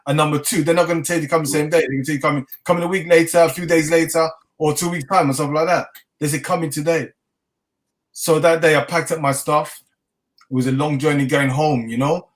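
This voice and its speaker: This middle-aged London man, a chef and interview guest, speaks at a quick pace with a fairly high pitch. Recounting his story in a casual interview, he's animated, acts out the dialogue, and laughs often.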